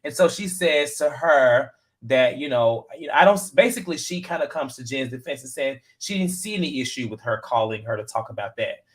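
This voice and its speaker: A man co-hosting a casual reality TV recap show, talking in a chatty, animated way with lots of fillers and retold quotes. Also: mid-range voice, fairly quick, hardly any pauses. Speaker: podcast co-host.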